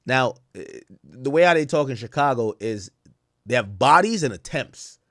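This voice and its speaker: Animated man breaking down rap lyrics. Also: mid-range voice, no echo, studio quality. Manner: animated, rapid bursts, recites lyrics in a chanting flow. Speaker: streamer reacting to rap songs. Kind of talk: casual commentary reading lyrics aloud.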